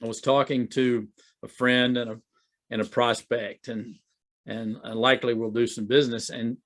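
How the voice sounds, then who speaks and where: A man's voice: mid-range voice, level tone, normal speed, a bit bright. A man talking as a business coach in a casual, conversational way, often repeating and restarting his words. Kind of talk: casual talk to camera. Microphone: video recording to camera.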